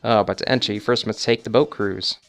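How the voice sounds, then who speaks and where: A man voicing a polite boat-cruise clerk, reading the game's text slowly and formally. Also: lowish voice, fairly even intonation, creaky, soft background music.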